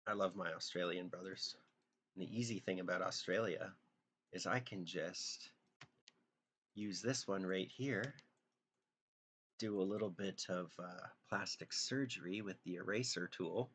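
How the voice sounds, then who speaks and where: A young man with a deep, low-pitched voice chats loosely on a live drawing stream. He rambles, jokes with his viewers and mumbles bits of songs he half remembers. Faint mouse clicks sit behind his talk. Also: unhurried, pauses often, a bit bright, slight background noise. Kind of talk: casual live-stream chat.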